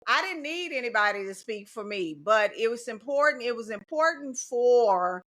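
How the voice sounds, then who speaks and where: A woman's voice: a little high, expressive, moderate pace, a bit bright. A middle-aged woman, a teacher in a casual podcast conversation, talking emphatically and repeating her key points. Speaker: teacher and guest.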